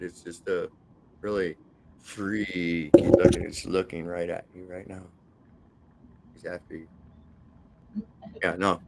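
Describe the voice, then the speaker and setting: A man's voice: on the low side, gravelly, fairly bright tone. A man as a guest on a casual live-stream chat, rambling and crude, tacking "man" onto his sentences. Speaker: panel guest.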